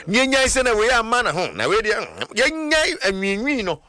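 A man with a Ghanaian accent hosting a sports chat, animated and mixing Twi with English. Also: high-pitched, fairly quick, no room sound, studio quality. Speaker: sports show host.

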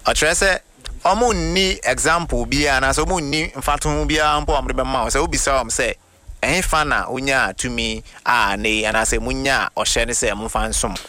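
Ghanaian male preacher, crisp bright tone, deliberate reader of quotes. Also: medium pitch. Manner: reads quotations slowly and deliberately, then explains. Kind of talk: sermon teaching with quoted readings.

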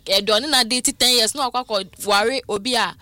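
Bright, dry-sounding Ghanaian woman caller. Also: fairly high pitch, fairly quick, dry recording. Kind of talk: giving an opinion on a call-in show.

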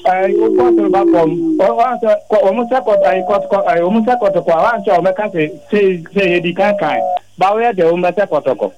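A man's voice: sits high, fairly quick, dull audio. A man calling in to a sports radio show, speaking hesitantly with many fillers and repeats. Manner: hesitant, repetitive talk. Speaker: caller. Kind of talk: call-in sports radio chat.

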